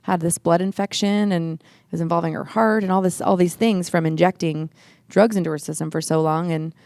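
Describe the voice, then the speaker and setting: Łagodna, zachrypnięta kobieta opowiadająca świadectwo. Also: female voice, on the low side, steady tone, a little fast, gravelly, a little mellow, dry recording, clean studio sound. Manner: earnest, emotional storytelling, acts out quoted voices. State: tearful at times. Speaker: podcast guest. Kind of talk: personal testimony in casual chat.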